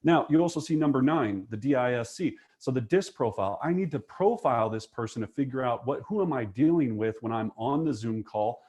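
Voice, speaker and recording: A man's voice: medium pitch, fairly quick, few pauses. Emphatic man coaching real estate agents. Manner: emphatic, energetic, frequent "okay?" and "right?" check-ins. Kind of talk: coaching lesson.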